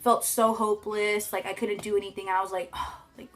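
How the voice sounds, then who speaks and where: A teenage girl casually telling a story time vlog, chatty with lots of "like" and swearing, acting out quotes loudly. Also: medium pitch, level tone, fairly quick, faint music behind. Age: teens. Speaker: vlogger.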